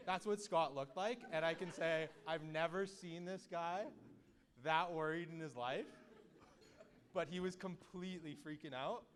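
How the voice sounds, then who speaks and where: A young man telling a joking story as a friend's wedding speech into a handheld microphone at a reception. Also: fairly high pitch. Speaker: wedding speaker, groom's friend.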